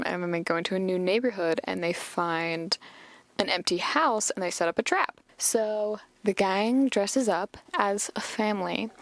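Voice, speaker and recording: A woman's voice: mid-range voice, creaky, dry recording. A young woman hosting a podcast, recapping a cartoon episode in a rambling, chatty way full of fillers. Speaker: podcast host.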